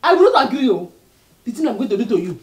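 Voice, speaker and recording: A hot-tempered Nigerian village tailor. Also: female voice, on the high side, big pitch swings, fast talker, noisy background. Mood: furious. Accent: Nigerian English. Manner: angry, confrontational, exclamatory.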